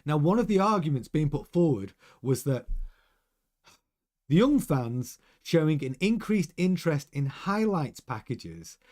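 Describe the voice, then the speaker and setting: Male F1 news host, casual and animated, slightly hoarse voice, lively pitch. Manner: lively, chatty, reads quotes aloud. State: losing his voice, slightly hoarse.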